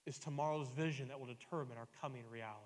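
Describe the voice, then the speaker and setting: A male pastor delivering a sermon, repeating key lines and building to loud emphatic peaks. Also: medium pitch, rapid-fire, long reverb tail.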